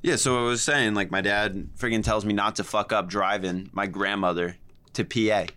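A young man from New Jersey co-hosting a casual podcast, telling stories in a profane, animated way and mocking other people's voices. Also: lowish voice, normal speed, clean tone. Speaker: podcast co-host.

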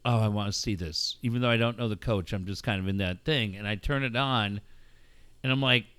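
A man co-hosting a casual talk show, telling animated stories, swearing and laughing often. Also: on the low side, fairly quick, clean tone, no room sound. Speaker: radio co-host. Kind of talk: casual chat.

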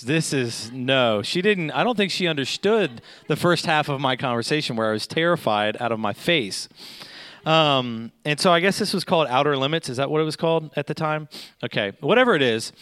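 Animated man telling a funny story. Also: on the high side, dry recording. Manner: animated, with frequent "okay?" and "right?" checks to the audience. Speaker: speaker telling a personal story to an audience. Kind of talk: humorous personal storytelling.

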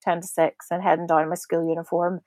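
A woman's voice: lowish voice, little pitch movement, fast talker, a little mellow, dry recording. A Northern Irish woman in her forties, a guest on a faith podcast, talking in a chatty, reflective way with many fillers and restarts. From Northern Ireland. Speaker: guest, prayer ministry leader.

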